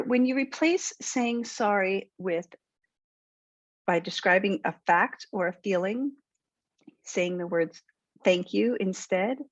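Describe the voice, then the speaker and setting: A woman's voice: medium pitch, dry recording. An assertive, encouraging woman coach speaks straight to her viewers and lays out plain examples. Her voice sits in a middle range. It comes across dry and close, with a slightly dull, muffled tone. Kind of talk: direct-to-camera tip video.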